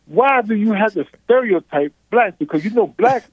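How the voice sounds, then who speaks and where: Southern-accented male caller, high voice, tinny phone line, pushy and repetitive. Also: animated, normal speed, no echo. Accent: Southern American. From Virginia. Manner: insistent, repeats himself to hold the floor. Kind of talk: heated phone call.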